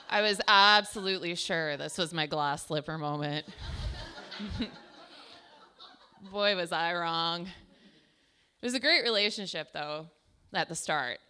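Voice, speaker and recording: A young adult stand-up comedian, speaking in a lowish, pushed, bright voice that's clear and resonant, tells self-deprecating stories on a small comedy stage. Her delivery is chatty and packed with "like."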